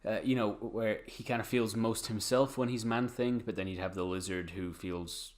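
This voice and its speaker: Male podcast co-host, lowish pitch, relaxed rambling delivery. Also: normal speed. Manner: chatty, rambling, lots of fillers. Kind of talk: casual chat.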